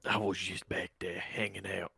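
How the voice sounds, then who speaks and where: Man doing an impression of an English action tough guy, low deadpan mumble, quiet. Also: normal speed, vocal fry, husky, no room sound, exaggerated voice. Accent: put-on English.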